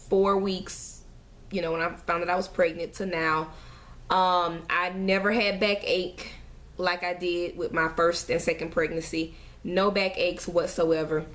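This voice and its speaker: A young woman talks through a casual vlog update in a fairly low voice. She rambles, fills gaps with "um", and sounds a bit out of breath and queasy as she goes. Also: fairly bright tone. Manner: chatty, rambling with many fillers. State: nauseous and out of breath. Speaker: family vlogger.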